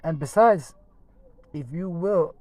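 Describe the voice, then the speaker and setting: A man's voice: on the high side, takes it slowly, a little mellow, no room sound, voice pushed up, poor audio. A man doing a wheedling, mischievous boy. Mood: coaxing. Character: mischievous boy coaxing a friend.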